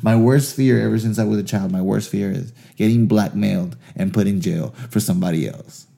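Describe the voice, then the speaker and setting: A man's voice: lowish voice, brisk, gravelly. A man telling a long casual story, swearing freely and laughing as he goes. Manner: animated, profane, laughs through his stories.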